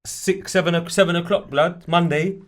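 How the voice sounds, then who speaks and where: Animated podcast host. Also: male voice, high voice, moderate pace. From London, England. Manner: animated, slang-heavy, breaks things down, interjects often. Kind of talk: casual chat.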